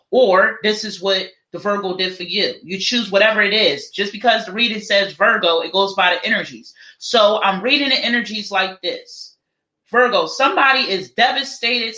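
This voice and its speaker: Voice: mid-range voice, sharp tone. A tarot reader doing a live reading, talking in a chatty, dramatic way and calling viewers honey and child. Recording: roomy echo.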